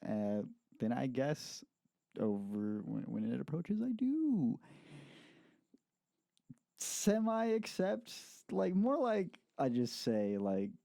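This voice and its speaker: Hesitant player with a dark voice. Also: male voice, medium pitch, wildly swooping pitch, slow pace, vocal fry, no room sound, clean studio sound. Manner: hesitant, thinking aloud. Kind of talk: casual tabletop play.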